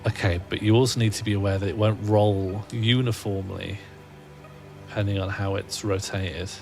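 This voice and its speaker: Male streamer, low gravelly voice, wry rambling self-talk. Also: steady tone, moderate pace, a little mellow, faint music behind. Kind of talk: casual gaming livestream chat.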